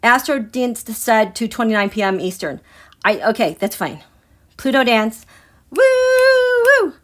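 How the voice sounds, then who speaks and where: A woman hosting a live astrology and tarot stream, gushing and excitable, dropping into hushed, near-whispered passages. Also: medium pitch. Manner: soft and slow, nearly whispering. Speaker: tarot and astrology livestream host.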